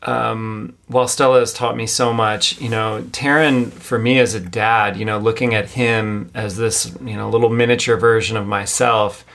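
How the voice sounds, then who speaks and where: A man co-hosting a podcast, speaking in a relaxed, reflective way as a dad. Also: fairly low pitch, normal speed, vocal fry, few pauses. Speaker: podcast co-host. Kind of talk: casual podcast conversation.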